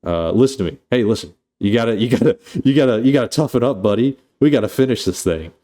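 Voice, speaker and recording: A man's voice: mid-range voice, expressive, quick pace, dark tone, pitched above the performer's own voice, natural voice. A man acting out an earnest young man who coaxes and rallies a shaken friend. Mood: urging. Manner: urgent, coaxing.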